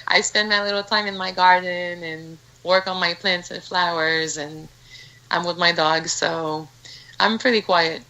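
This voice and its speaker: A woman's voice: fairly low pitch, fairly even intonation, a little slow, sharp tone, low-quality recording. A woman in her thirties from Canada, with a Canadian accent, speaking earnestly as a guest on an interview podcast and often restarting her sentences. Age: 30s. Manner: earnest, frequent restarts and repeated words. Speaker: guest fighter. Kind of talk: casual interview talk.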